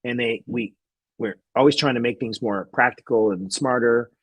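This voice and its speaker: A man's voice: medium pitch, moderate pace, fairly bright tone, breathy edge, no room sound. A man, a guest magician, telling a rambling anecdote in casual chat, laughing often and restarting sentences.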